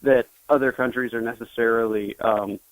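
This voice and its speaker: A young journalist speaks as a guest on an interview show, halting and restarting as he thinks. His voice sits in a middle range. The recording is dry and close. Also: mid-range voice, steady tone, no echo, low-quality recording. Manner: hesitant, full of restarts. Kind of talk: interview conversation.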